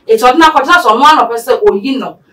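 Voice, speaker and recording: Ghanaian woman talk-show host, brisk questioner, heard from a distance in a roomy space. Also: high-pitched, expressive, sharp tone. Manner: brisk, introducing guests and asking questions. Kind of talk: casual talk-show chat.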